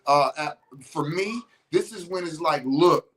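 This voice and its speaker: A man's voice: on the high side, a little slow, fairly bright tone, low-quality recording. A man hosting a podcast, talking casually and bluntly to his listeners, swearing freely and stopping to restart his sentences as he tells stories. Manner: blunt, profane and emphatic, storytelling with restarts. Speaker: podcast host.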